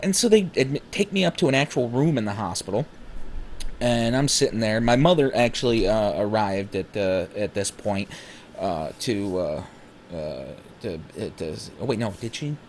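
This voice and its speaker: A man telling his own story casually, rambling with many fillers and self-corrections, and growing animated when he acts out dialogue. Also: fairly low pitch, normal speed, slight background noise.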